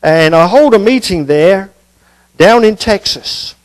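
A man's voice: high voice, expressive, slow pace, poor audio. A male preacher giving a conversational expository sermon, with casual asides and rhetorical questions.

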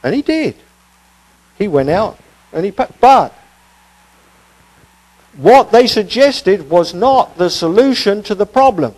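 A man's voice: high voice, lively intonation, slow, long pauses, a little mellow, rough recording. A male preacher giving a conversational expository sermon, with casual asides and rhetorical questions.

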